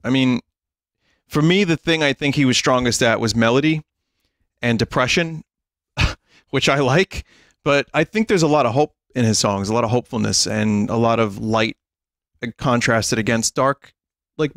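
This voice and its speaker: A man's voice: mid-range voice, normal speed, long pauses, fairly bright tone, dry recording, studio quality. A man hosting a livestream, chatting casually to his viewers and laughing often as he reads a list aloud. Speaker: livestream host. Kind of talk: casual stream chat.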